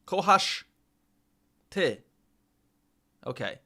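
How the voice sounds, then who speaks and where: Slow, bright-voiced man repeating words. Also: high-pitched, sing-song. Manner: repeats words over and over, self-mocking and exasperated. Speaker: vlogger learning a language. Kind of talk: casual vlog practice session.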